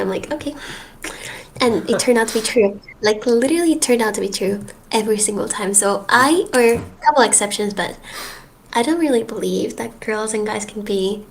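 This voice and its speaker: A woman's voice: on the high side, a little fast, vocal fry. A young woman from Finland, talking emphatically and dramatically in a casual online voice chat. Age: young adult. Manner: emphatic, dramatic, playfully indignant. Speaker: chat participant. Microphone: online voice call.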